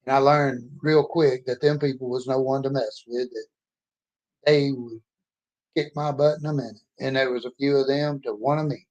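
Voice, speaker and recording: A man's voice: medium pitch, steady tone, normal speed, a little mellow. A man in his sixties telling his life story in a folksy, rambling, plainspoken way. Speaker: storyteller introducing himself. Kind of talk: casual personal storytelling.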